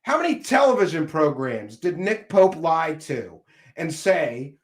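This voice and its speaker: A man hosting a live commentary stream, mocking and combative, jumping between shouting and muttering. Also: fairly high pitch, very animated, unhurried, echoey room. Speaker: commentary show host.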